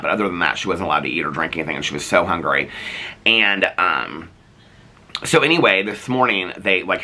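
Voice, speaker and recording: A man's voice: low voice, bright, forceful tone. A man vlogging to camera in casual chat, rambling along with plenty of fillers and restarts. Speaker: daily vlogger.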